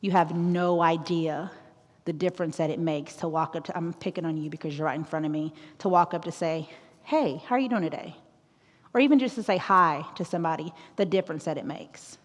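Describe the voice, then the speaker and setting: A woman's voice: low-pitched, fairly quick. Outgoing joking woman in an echoing auditorium. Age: 30s. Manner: outgoing, joking, keeps asking "right?". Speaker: guest presenter. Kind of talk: school talk on mental health. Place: large auditorium. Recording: long echo of an auditorium.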